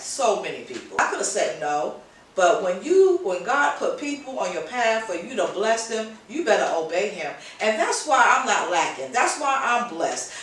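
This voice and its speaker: A woman's voice: medium pitch, a bit bright. A woman preaches with fervor, circling back to the same urging phrases again and again. Her voice sits back from the microphone in a heavily echoing space. A faint hum of background noise runs underneath. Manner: passionate, repetitive exhortation. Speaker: host. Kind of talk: informal preaching talk. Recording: very echoey, voice distant from mic.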